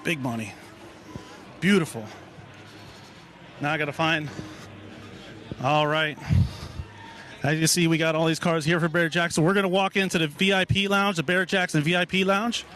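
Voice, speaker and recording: Breathless bright-voiced man hosting outdoors. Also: fairly high pitch, normal speed, pauses often, slight background noise. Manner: energetic, upbeat, hyping the crowd. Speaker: live stream host at a car show. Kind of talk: walking live stream commentary. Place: outdoor car show among crowds and vehicles.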